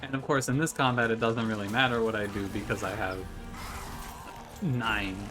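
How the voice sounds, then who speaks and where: A man's voice: on the low side, steady tone, normal speed. A man giving joking, wry commentary while playing a video game at home, with mock trash-talk. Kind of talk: gameplay commentary. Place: room at home by a window. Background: game music.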